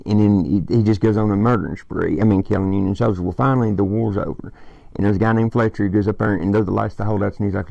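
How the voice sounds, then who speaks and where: Man, loose rambling fan chat with cussing; dark tone, dry close sound. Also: fairly low pitch, fairly even intonation, quick pace, gravelly, dry recording, muffled recording. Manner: rambling, swearing, quoting lines. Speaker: movie fan vlogger. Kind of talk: casual movie retelling.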